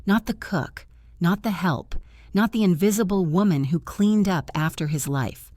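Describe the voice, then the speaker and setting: Measured, low-voiced woman storyteller. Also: darkish tone, dry recording, clean studio sound. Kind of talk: scripted first-person story narration.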